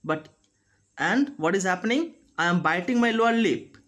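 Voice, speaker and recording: A man teaching a phonetics lesson, speaking slowly and deliberately and demonstrating each sound. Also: high voice, animated, a bit bright. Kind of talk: phonetics lecture.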